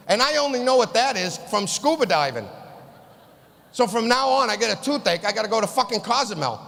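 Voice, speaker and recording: A male comedian rants through his set with profane exasperation, his high voice bright and gravelly. His shouted punchlines ring out into the long reverb of a live hall over faint room noise. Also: lively intonation, fairly quick. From East Boston. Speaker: stand-up comedian.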